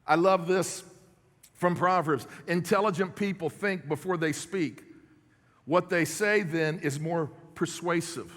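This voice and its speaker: A man's voice: fairly high pitch, a little slow, a bit bright. Man preaching in a reverberant church hall. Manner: conversational preaching with audience check-ins. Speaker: pastor. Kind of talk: sermon. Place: church sanctuary.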